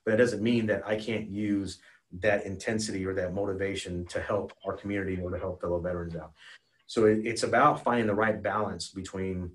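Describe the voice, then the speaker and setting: A retired American helicopter pilot telling a war story as a podcast guest, earnest and emotional, with many restarts and "you know"s. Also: male voice, sits low, fairly even intonation, a little fast. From United States. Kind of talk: casual spoken storytelling.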